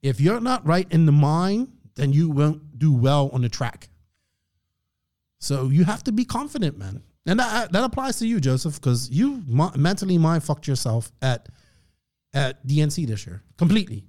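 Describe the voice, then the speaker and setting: A man hosting a podcast, delivering a casual, preachy motivational rant and clearing his throat often. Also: a little high, big pitch swings, moderate pace, darkish tone. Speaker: podcast host.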